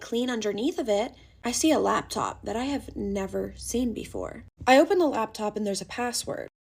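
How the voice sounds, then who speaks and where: Chatty young woman telling a storytime. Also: on the high side. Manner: chatty and dramatic, acting out her own panicked quotes. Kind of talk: casual first-person storytime narration.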